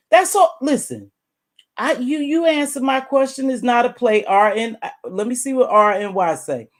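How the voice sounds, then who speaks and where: Blunt, animated middle-aged woman commentator. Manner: blunt and animated, swings high and loud when making a point; calls the listener "baby", curses freely. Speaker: YouTube commentator. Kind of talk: direct-address commentary vlog.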